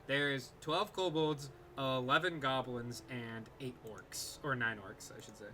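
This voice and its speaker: A man narrating as game master of a tabletop game, unhurried and hesitant with many fillers. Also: medium pitch, pushed and bright, a little hiss or hum.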